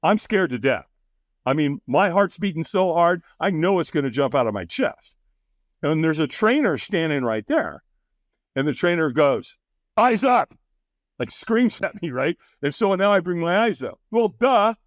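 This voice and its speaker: A man's voice: on the high side, moderate pace, no room sound, studio quality. A man talking as a podcast guest, telling a story with energy, laughing often and acting out what other people said. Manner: animated, acts out quoted voices, laughs often. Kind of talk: storytelling in a conversation.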